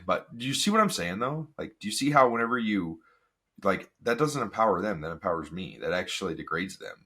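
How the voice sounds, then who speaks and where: Energetic guy talking on his podcast, bright voice, pitch all over the place. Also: husky. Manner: energetic, animated, rhetorical questions. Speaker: podcast host. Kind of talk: casual solo podcast monologue.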